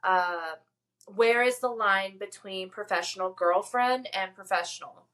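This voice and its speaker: A woman's voice: mid-range voice, a little slow, a bit bright. A woman co-hosting a podcast, recapping a TV episode in casual, enthusiastic chat with many filler words. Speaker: podcast co-host.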